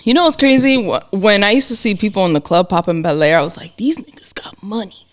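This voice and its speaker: A woman co-hosting a podcast in casual chat, candid and animated, laughing often. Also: mid-range voice, fast. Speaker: podcast co-host.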